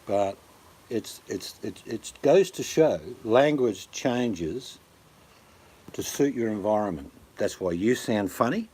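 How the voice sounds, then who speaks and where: A man's voice: lowish voice, animated, slow pace, warm tone, husky. An older Australian man with an Australian accent, chatting casually on his channel in a rambling, jokey way. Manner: rambling, jokey, swaps into impressions. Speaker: channel host. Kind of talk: casual chat.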